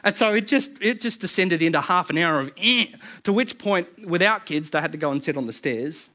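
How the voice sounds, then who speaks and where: A man in his thirties preaching a sermon, telling it like a story to his listeners. He speaks in a slightly high voice and often breaks off to restart or add an aside. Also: animated, fairly quick, pushed and bright. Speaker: pastor.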